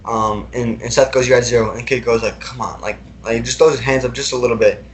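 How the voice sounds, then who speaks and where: A young man speaks casually as a podcast guest, retelling his own experiences. His delivery wanders, full of fillers and restarts, at an ordinary middle pitch. A faint noise sits underneath the voice. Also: fairly even intonation, fast talker. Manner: casual, rambling, many fillers and repeated words. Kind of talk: recounting personal experiences in a podcast interview.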